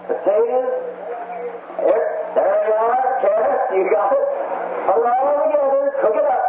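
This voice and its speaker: A middle-aged man with a high voice preaches in a homespun, conversational way, turning to the congregation with questions. The old recording sounds thin and phone-like. It also has a roomy echo. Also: noisy background. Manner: homespun, chatty, asks the congregation questions and chuckles. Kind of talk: folksy sermon. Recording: tinny, lo-fi archival recording.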